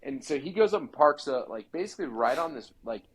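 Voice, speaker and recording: A man's voice: a little high, expressive, brisk, husky, low-quality recording. A man from Idaho, a podcast guest, telling a hunting story in a chatty way full of "like" fillers. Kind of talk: casual storytelling.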